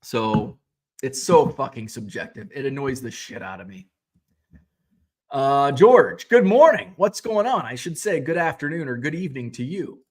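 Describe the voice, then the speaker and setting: Reading comments on his sports card selling livestream, this middle-aged host delivers sarcastic, foul-mouthed rants. The voice is medium-pitched and animated, moving at normal speed. He wanders off topic and keeps restarting what he's saying.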